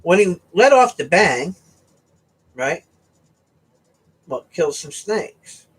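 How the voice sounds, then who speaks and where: East Coast man, fairly high, raspy voice, animated storyteller hosting a home vlog. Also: takes it slowly. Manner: animated, tags sentences with "right?" and "okay?". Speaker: vlogger host. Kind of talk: casual storytelling to viewers.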